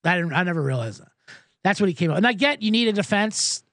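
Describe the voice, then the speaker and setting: A man's voice: high voice, animated, fast, fairly bright tone, no room sound, studio quality. A male podcast host telling a profane, sarcastic comedic story and acting out the people in it. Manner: profane, sarcastic, acts out quoted voices.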